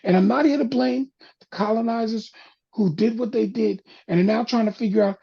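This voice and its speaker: A man with a gravelly, husky voice delivers an impassioned talk-show monologue in a preacher-like rhythm, sinking low and soft to press his points. His tone is dark and mellow, and the recording sounds a little dull and lo-fi. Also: brisk. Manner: preacher-like cadence, drops voice low and soft for emphasis. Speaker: panel host.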